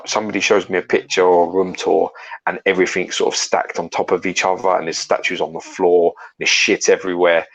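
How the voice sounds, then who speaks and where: A man with a very low, gravelly voice talks in a loose, casual livestream chat. His tone is husky and rough at the edges. He is blunt and opinionated and swears without a second thought. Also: a bit bright, poor audio. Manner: frank, opinionated, swears freely. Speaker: co-host.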